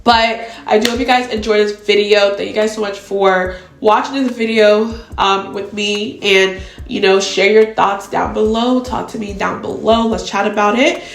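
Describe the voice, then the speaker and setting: A woman's voice: medium pitch, fairly even intonation, normal speed, echoey room, slight background noise. A woman beauty vlogger chatting casually to her viewers, calling them y'all. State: tearful, emotional. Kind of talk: casual chat to camera.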